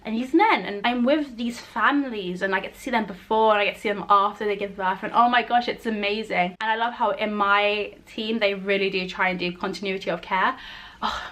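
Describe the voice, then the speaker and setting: A young woman from the UK talks to camera in a casual, gushing vlog style. Her voice sits at a middle pitch, and she keeps piling on "like" and "oh my gosh" with bubbly enthusiasm. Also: brisk, a bit bright. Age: young adult. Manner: gushing, enthusiastic, chatty with many likes and oh my gosh. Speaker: student midwife vlogger.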